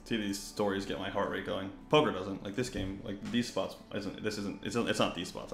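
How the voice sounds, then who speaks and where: A man's voice: low-pitched, fairly even intonation, normal speed, creaky, reverberant, faint music behind. A young man giving loose, chatty commentary as he plays poker on a live stream, rambling and swearing freely. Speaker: poker player and coach. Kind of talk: casual live-stream commentary while playing.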